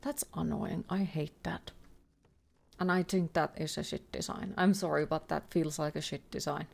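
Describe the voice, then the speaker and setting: A woman's voice: deep voice, steady tone, moderate pace, gravelly, darkish tone. A woman livestreaming a horror game, ranting with heavy profanity and exasperation in casual live commentary.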